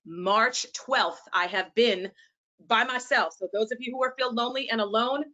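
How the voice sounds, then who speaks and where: A woman with a New York accent, presenting passionately to teachers and sometimes talking fast. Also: on the high side, bright, forceful tone, lo-fi sound. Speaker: educator and presenter.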